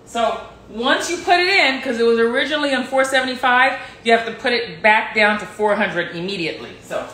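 A woman's voice: a little high, a little fast, hardly any pauses, pushed and bright, reverberant, slight background noise. A woman chatting casually with viewers on a live stream from her home kitchen, playful and laughing often, talking into her phone. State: sore neck.

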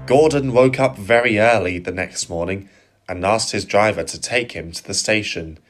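A man narrating a storybook audio reading in a slow, measured way. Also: lowish voice. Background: music.

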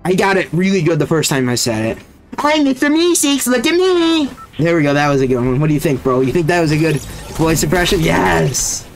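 A man's voice: fairly high pitch, fast, soft background music. A young man casually commentating his gameplay, hyped and constantly saying "bro.". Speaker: gaming streamer.

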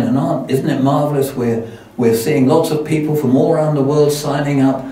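In a church hall recorded from afar with lots of echo, an older man preaching as a guest shares a self-deprecating anecdote and restarts frequently. His voice is warm and mid-range, moving at a normal speed with hardly any pauses.

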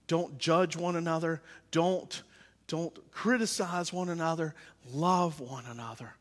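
Impassioned pastor preaching in an echoing church. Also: male voice, on the high side, expressive, moderate pace. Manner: swings from quiet confiding to loud impassioned preaching. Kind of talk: sermon. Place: church sanctuary. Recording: long reverb of a church hall.

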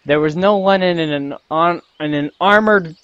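A man with a somewhat high voice reads a game's story aloud in a relaxed, casual way. He stumbles over words and corrects himself as he goes. The recording sounds dull and lo-fi. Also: unhurried. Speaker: youtuber reading a visual novel aloud.

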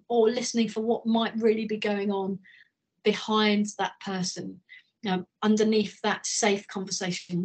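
A woman's voice: medium pitch, husky. A middle-aged woman giving a conversational communication training talk, telling anecdotes. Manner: conversational, anecdotal, speeds up and slows down. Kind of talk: training talk on a video call. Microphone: video call.

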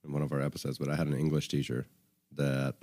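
A man with a softened Southern US accent from Alabama, telling stories in a relaxed, self-deprecating way on a casual podcast. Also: rumbling low, fast talker. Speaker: podcast co-host.

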